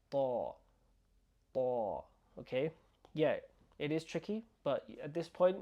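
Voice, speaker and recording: A man teaching pronunciation step by step, patiently repeating each word slowly for learners to copy and checking in with "okay?". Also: on the high side, mellow. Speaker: Arabic teacher.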